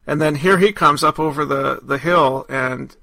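A man's voice: a little high, moderate pace, gravelly, pushed and bright, no room sound. A man co-hosting a podcast, chatting casually and enthusiastically about a film, with frequent restarts. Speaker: podcast co-host. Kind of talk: casual chat.

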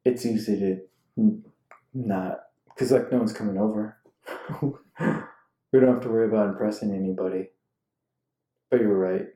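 Male co-host, thirties, animated ranter, mellow tone, roomy home recording. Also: fairly low pitch, normal speed, pauses often. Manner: animated, ranting, gets worked up. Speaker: podcast co-host. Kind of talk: casual chat with spouse. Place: room at home.

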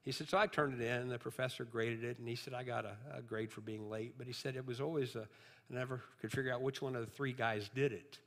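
Male preacher, mid-pitched, storytelling sermon that swells to emphatic peaks, in a church with a long reverb tail. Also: steady tone, fast, a bit bright. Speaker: pastor.

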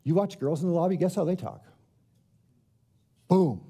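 A man preaching a sermon as pastor, reading scripture and then telling lively stories with acted-out quotes. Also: high-pitched, normal speed, husky. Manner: animated storytelling with acted-out quotes.

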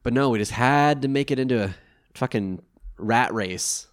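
A man's voice: mid-range voice, normal speed, no echo, clean studio sound. A man co-hosting a podcast, recapping an episode in casual chat, swearing and acting out quotes. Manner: animated, swearing, acts out quotes. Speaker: podcast co-host.

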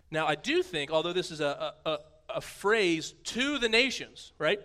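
A man in his thirties giving a sermon, conversational and playful, swinging from a hushed voice to booming emphasis. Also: very animated, normal speed, hardly any pauses. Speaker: pastor.

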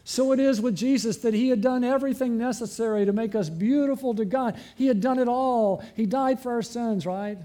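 A man preaching a sermon as pastor, asking the congregation frequent rhetorical questions and slowing and dropping his voice for emphasis. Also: extremely high pitch. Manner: varies pace and loudness, slowing and dropping for emphasis.

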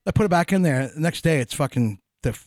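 Fast-talking, profane middle-aged man. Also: fairly high pitch, lively intonation, a little mellow, no echo. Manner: profane, storytelling, laughs often. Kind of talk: casual chat.

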